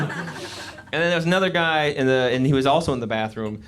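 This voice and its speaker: A man's voice: mid-range voice, quick pace. A young man telling a rambling, self-deprecating story as a stand-up comedian on a club stage, speaking into a handheld mic. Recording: live set with audible crowd noise. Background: audience laughter.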